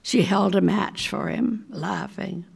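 An older woman reading a short story aloud in a measured, deliberate way. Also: mid-range voice, vocal fry, breathy edge. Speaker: resident reader.

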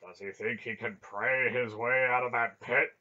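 A man voicing a blunt, loud young male fighter who is quick to protest, on a dull lo-fi recording. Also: mid-range voice, fairly even intonation. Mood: blunt, incredulous. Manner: loud, incredulous.

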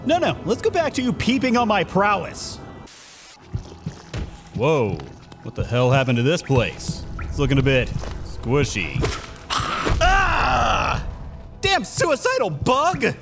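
A man's voice: a little high, wildly swooping pitch, unhurried, exaggerated voice. A man voicing a sarcastic, nervous little male bug knight in a comedy fan-parody, bouncing between bravado and panic. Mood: wisecracking. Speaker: voice actor and channel host. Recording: music bed under the voice.

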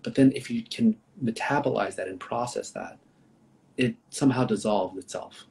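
A man speaking as a psychologist, thoughtful and gentle, explaining ideas over a video call with pauses. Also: fairly low pitch, creaky, rough recording. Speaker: psychologist, trauma therapist. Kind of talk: reflective conversational explaining. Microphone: livestream video call.

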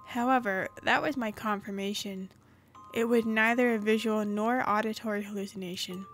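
A woman's voice: medium pitch, steady tone, normal speed, fairly bright tone, a little hiss or hum. A woman hosting a gaming channel, reading a story game's narration aloud with occasional asides.

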